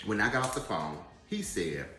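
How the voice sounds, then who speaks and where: With a sing-song delivery at normal speed, a man from the Atlanta area, USA, shares a digressive personal story with viewers over a meal. His fairly low voice has a sharp tone, and the room is echoey with faint music behind him.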